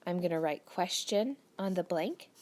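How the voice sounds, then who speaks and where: A woman's voice: on the low side, lively intonation, moderate pace, darkish tone. A woman teacher patiently talking young students through a grammar worksheet, reading the sentences aloud and explaining each step. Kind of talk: recorded grammar lesson for children.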